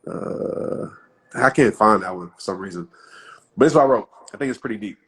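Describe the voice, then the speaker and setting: A man in his thirties talks casually into his phone on a live stream, with a slightly low voice. He keeps a loose, chatty flow, laughs easily and drops into short motivational lines now and then. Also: lively intonation, normal speed, husky. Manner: laid-back, chatty, laughs often, reads his own quotes aloud. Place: outdoors in wind.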